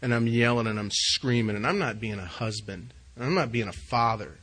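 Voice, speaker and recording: Bright-voiced man sharing recovery story. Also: mid-range voice, fairly quick, slightly rough, poor audio. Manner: earnest, confessional, swings between hushed and loud. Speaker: recovery meeting speaker. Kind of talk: personal testimony at a recovery meeting.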